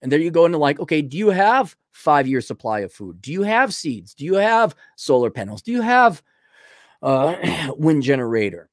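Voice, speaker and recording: A man's voice: on the high side, big pitch swings, moderate pace, no echo, studio quality. A man giving a blunt, rambling, opinionated monologue in casual chat, acting out little dialogues with himself.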